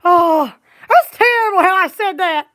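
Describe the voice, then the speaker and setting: A woman with a drawl chats on a live video, giggling and stretching out words for fun. Her voice sits very high and swoops all over the place. She speaks slowly and unhurriedly. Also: expressive, fairly bright tone. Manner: giggly, silly, drawn-out playful words. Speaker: store vlogger. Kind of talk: casual live chat.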